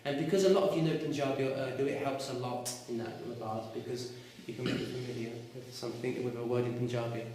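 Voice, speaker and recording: A man's voice: mid-range voice, quick pace, few pauses, slight background noise. Echoey far-off male teacher in a classroom. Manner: lively, asks students questions often. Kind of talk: classroom lesson, questioning students.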